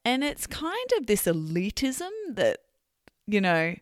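A woman's voice: mid-range voice, big pitch swings, takes it slowly, no echo, studio quality. A woman from Australia, hosting a podcast and speaking frankly while thinking aloud. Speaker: podcast host. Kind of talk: podcast conversation.

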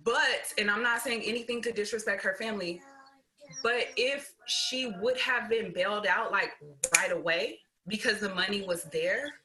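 A woman's voice: medium pitch, normal speed, sharp tone, rough recording. A woman guest in casual chat, talking earnestly and often checking in with "right?". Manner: earnest, keeps asking "right?".

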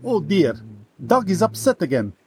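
A sinister Russian state journalist. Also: male voice, high-pitched, normal speed, a little hiss or hum. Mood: deadpan. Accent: fake Russian. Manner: broken English, mock-earnest, deadpan menace. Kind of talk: satirical comedy sketch.

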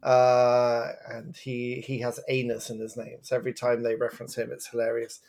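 A man's voice: mid-range voice, monotone, moderate pace, creaky, darkish tone. A man co-hosting a podcast, giving blunt, dry criticism of a movie in casual chat. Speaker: podcast co-host.

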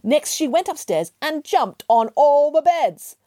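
A woman's voice: sits high, animated, a little slow, warm tone, no echo, voice pushed up. A woman voicing a mischievous grandmother who tells a wicked bedtime tale with theatrical relish. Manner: playful, theatrical, relishing gory details. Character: cheeky storytelling grandmother, mischievous.

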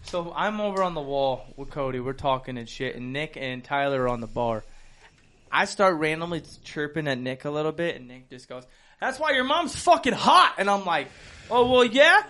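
A man's voice: medium pitch, a little fast. A young man from Ohio, telling profane party stories in casual chat and acting out what others said. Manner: animated, profane storytelling with quoted voices. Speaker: podcast co-host.

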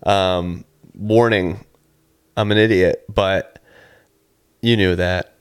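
Comedy podcast co-host, male, lowish voice, rambling and giggly. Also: steady tone, slow, smooth. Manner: rambling, laughs often, acts out quoted people. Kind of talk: casual chat.

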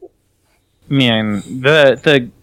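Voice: mid-range voice, drawn-out words, a bit bright, smooth, no room sound. A podcast co-host making dry joking asides in casual chat.

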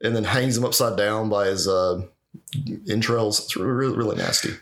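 A married man co-hosting a podcast, reviewing a movie in casual chat, animated and swearing freely. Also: lowish voice, normal speed. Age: adult, married. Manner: animated, swearing, laughs often. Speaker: podcast co-host.

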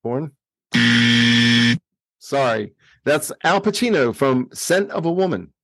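A man's voice: on the high side, sing-song, slow pace, husky, no room sound, studio quality. A man hosting a casual podcast, running a quiz game in a laid-back, joking way.

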